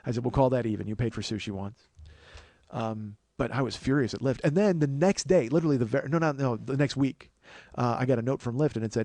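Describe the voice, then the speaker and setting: A man's voice: medium pitch, dark tone, no room sound. A man hosting a podcast, telling profane, rambling comic stories and acting out the quotes. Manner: profane, rambling, quick anecdotes with acted-out quotes. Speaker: podcast host. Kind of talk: casual comedic storytelling.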